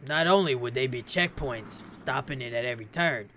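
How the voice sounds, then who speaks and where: Bright-voiced man reading translations aloud. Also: medium pitch, slight background noise. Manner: reads lines aloud with quick asides. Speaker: streamer translating a game aloud.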